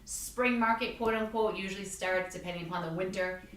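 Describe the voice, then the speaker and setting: A woman's voice: medium pitch, a little fast, fairly bright tone, slight background noise. Woman realtor host telling stories, chatty, roomy echo, mic kinda far. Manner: chatty storyteller, acts out quotes. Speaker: real estate agent and podcast host. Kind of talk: casual podcast chat. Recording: echoey room, mic at a distance.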